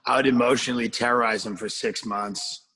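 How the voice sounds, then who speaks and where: Husky sardonic male podcast guest. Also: mid-range voice, brisk, poor audio. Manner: sardonic, deadpan, profane. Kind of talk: casual chat. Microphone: video call.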